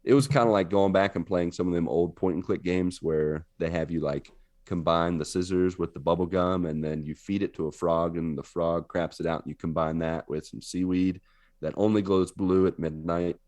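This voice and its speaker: Deep-voiced man telling animated stories. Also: normal speed, no echo. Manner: animated storyteller, laughs often and slips into silly voices. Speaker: podcast co-host. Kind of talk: casual chat.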